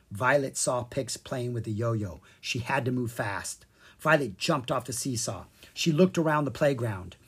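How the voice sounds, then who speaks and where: A narrator reading a children's chapter book aloud, with animated storytelling and a distinct voice for each character. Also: medium pitch, breathy edge. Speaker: audiobook narrator.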